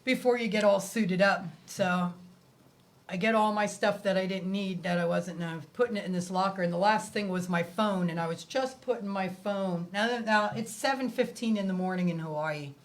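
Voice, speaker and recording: A woman speaks as a guest on a talk show, telling a personal story in a relaxed, chatty way. She leans into the voices of the people in her story and acts out their lines as she goes. Her voice sits at an ordinary middle pitch. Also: moderate pace. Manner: animated, acts out quoted dialogue. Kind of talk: casual storytelling.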